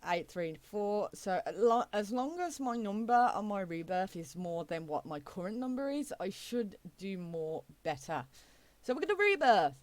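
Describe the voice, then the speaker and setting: Casting: woman, mid-pitch, casual let's-play host thinking aloud, dry close sound. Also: no echo. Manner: thinks aloud, many "okay"s, reads game text haltingly. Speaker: gaming channel host.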